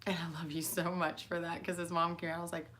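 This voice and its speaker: A woman's voice: on the low side, little pitch movement, fast talker, a bit bright, slight background noise. A tired young woman talking straight to her daughter in a rambling monologue, full of fillers and restarts. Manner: meandering, with fillers and mid-sentence restarts. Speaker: mother speaking to her daughter.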